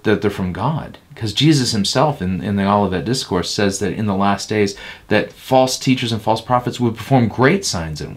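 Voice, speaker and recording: A man's voice: lowish voice, vocal fry. A man who is a pastor, answering interview questions in a blunt, emphatic and critical way. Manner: emphatic and blunt, slipping into mocking quotes of others.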